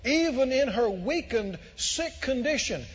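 Man preaching in a church, high husky voice, keeps repeating himself and getting louder, dull muffled recording. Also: expressive, a little slow, long reverb tail. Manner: emphatic, repeats phrases, swells to shouts. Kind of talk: sermon.

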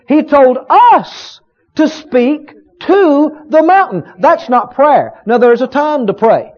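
A man preaching a sermon, stretching out key words for emphasis and rising to loud shouts of praise. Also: very high voice. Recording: dull lo-fi sermon recording.

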